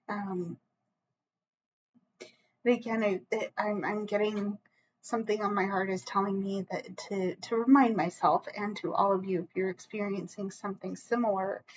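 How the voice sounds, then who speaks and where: A woman's voice: medium pitch, muffled recording, slight background noise. A woman giving a solo tarot reading to camera, earnest and emotional, close to tears, with frequent restarts and a reassuring "okay?". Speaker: tarot reader.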